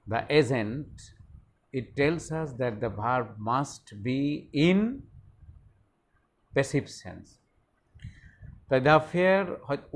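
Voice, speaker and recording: In a slow explanatory lesson, a man walks his students through English grammar rules at a very unhurried pace. He is deliberate, repeating key words and phrases as he works through each example, and his pitch sits at an ordinary mid level.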